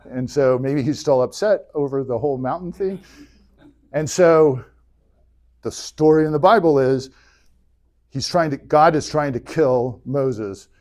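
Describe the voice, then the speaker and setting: A man's voice: mid-range voice, unhurried, long pauses, a little mellow. A man teaching an adult church class, retelling a story in a chatty, joking way and acting out the dialogue. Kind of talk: humorous casual retelling of a story.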